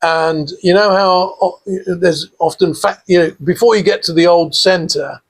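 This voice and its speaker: A man's voice: high voice, steady tone, a little slow. An older man from England, a podcast guest telling rambling anecdotes with many fillers and laughs. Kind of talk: casual storytelling.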